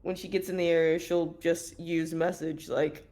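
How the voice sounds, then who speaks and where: A woman's voice: fairly low pitch, flat delivery, moderate pace, few pauses, warm tone. A woman playing in a tabletop game, unhurriedly describing what her character does. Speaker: player. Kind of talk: casual chat in a tabletop game.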